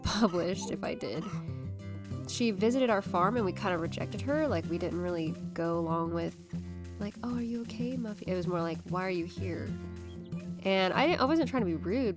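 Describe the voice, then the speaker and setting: A woman hosting a casual let's-play, rambling and correcting herself as she talks. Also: on the low side. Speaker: gaming channel host. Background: game music.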